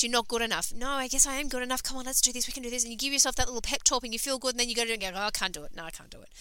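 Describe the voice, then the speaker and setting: A woman's voice: a little high, bright, forceful tone, smooth, dry recording, poor audio. A woman hosting a podcast, talking in an emphatic, sweary, casual motivational monologue full of fillers. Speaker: podcast host and coach.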